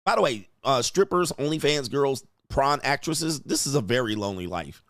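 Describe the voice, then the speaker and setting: A man's voice: medium pitch, expressive, normal speed, fairly bright tone, dry recording, studio quality. A man hosting a crude, mocking reaction commentary, laughing and sneering at the clips he reads out. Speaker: host reacting to online clips.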